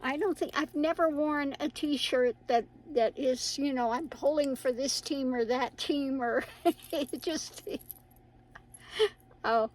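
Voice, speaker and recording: Woman, middle-aged, high voice, unhurried, rambling casual chat, frequent laughs. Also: darkish tone, low-quality recording. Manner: rambling, chatty, laughs often. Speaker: tarot reader and channel host.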